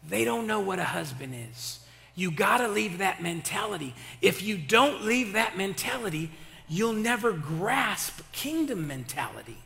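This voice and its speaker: A man's voice: sits high, very animated, a little slow, gravelly, pushed and bright. A male pastor preaching an impassioned sermon with casual, slangy talk and call-and-response to his church. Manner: colloquial, slangy. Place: church sanctuary. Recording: reverberant hall.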